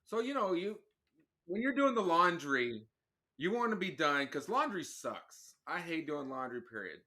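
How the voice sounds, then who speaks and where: A man appearing as a guest on a casual podcast chat, talking in a plainspoken, measured, self-deprecating way. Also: a little high, very animated, sharp tone.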